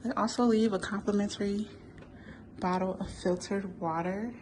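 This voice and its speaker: A woman's voice: mid-range voice, fairly even intonation, moderate pace, darkish tone, slight background noise, low-quality recording. A woman travel vlogger casually and enthusiastically touring a hotel room, chatting to her viewers.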